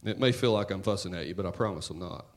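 A man preaching a sermon in church, talking to the congregation in a conversational, joking way and swinging between loud and hushed. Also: low voice, quick pace. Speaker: pastor.

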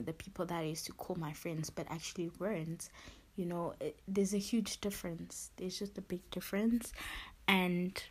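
A woman with a slightly rough, low-leaning voice hosts a podcast, delivering a heartfelt personal monologue while close to tears. Her speech is full of "you know" and "literally."

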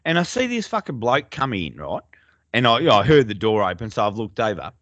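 A man's voice: fairly low pitch, very animated, fairly quick, fairly bright tone, dry recording, muffled recording. Sweary Australian man, casual storyteller. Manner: sweary, laid-back storytelling. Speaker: podcast co-host. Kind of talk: casual chat.

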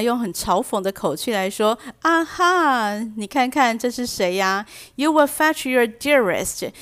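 A woman teaching vocabulary through a storybook, reading each line slowly and then translating and explaining it. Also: mid-range voice, clear, resonant tone. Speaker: English teacher. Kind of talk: bilingual storybook lesson.

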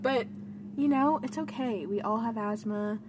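Animated higher-voiced young woman podcaster. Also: unhurried, background noise. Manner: animated, laughing, dramatic storytelling. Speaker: podcast co-host. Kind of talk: casual chat. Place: dimly lit bedroom.

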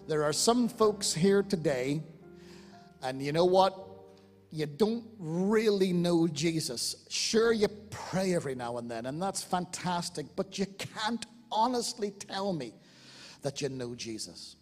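An Irish man preaches to a church congregation, his voice pitched high for a man. He swings from fervent, loud exclamations to soft, hushed appeals. The sound carries a long hall reverb, with quiet music underneath. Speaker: lead pastor. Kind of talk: sermon.

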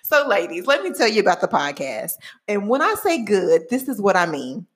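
Lively podcast host woman from Texas. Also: mid-range voice, moderate pace. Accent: Texan. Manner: lively, playful, emphatic. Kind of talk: enthusiastic podcast intro.

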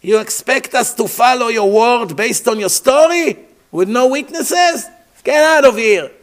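A man's voice: very high-pitched, animated, measured pace, voice pushed up. A man voicing a crowd of overworked slaves who jeer and scoff at a would-be leader. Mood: scornful. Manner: jeering, scornful shouting. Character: mocking crowd of weary slaves, men.

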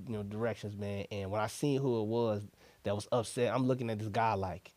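A young man telling a story in casual chat, animated, laughing and acting out what people said. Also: lowish voice, brisk. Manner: animated, laughing, acts out quotes.

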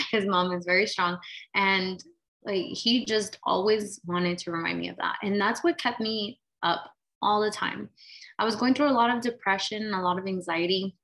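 Woman, late twenties to thirties, candid personal vlog, casual fillers, reflective, medium pitch. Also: steady tone, moderate pace, gravelly, a bit bright, poor audio. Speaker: vlogger sharing her story. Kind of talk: personal storytelling.

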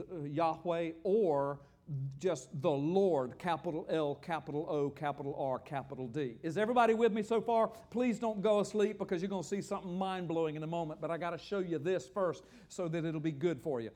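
A man preaching a sermon, animated and emphatic, swinging between loud drawn-out stresses and quiet asides. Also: on the high side.

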